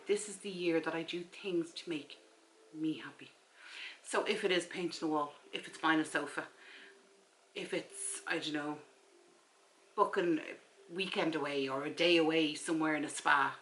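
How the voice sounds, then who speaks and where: An Irish vlogger in her forties chats casually to her camera mic in the front room of her house, retelling a conversation with a friend and acting out the friend's replies. Her voice is deep, pushed and bright, with a little hiss or hum on a rough recording.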